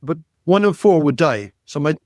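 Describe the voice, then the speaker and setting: A man, telling life stories as a podcast guest, animated and repeating words, often tagging lines with "right?". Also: on the high side, normal speed, dry recording, clean studio sound. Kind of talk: storytelling interview.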